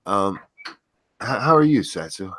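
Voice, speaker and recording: A man's voice: fairly low pitch, sing-song, a little slow, sharp tone, no room sound, clean studio sound. A man hosting a live stream in casual chat, stuffy and unwell, joking and swearing as he goes. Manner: joking, profane, easily sidetracked. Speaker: stream host.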